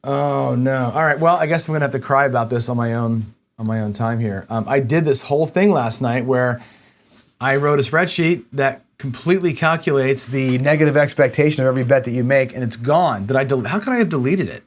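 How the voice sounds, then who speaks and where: A man's voice: mid-range voice, brisk. Man muttering while hunting for a file. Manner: frustrated, muttering to himself while searching. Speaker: livestream host. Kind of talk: casual live-stream chat.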